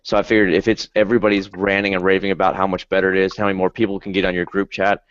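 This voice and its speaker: A man's voice: low voice, flat delivery, racing, clear, resonant tone, dry recording. American man chatting on a lo-fi video call. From United States. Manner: chatty, storytelling, laughs easily. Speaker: host. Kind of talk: casual group video chat.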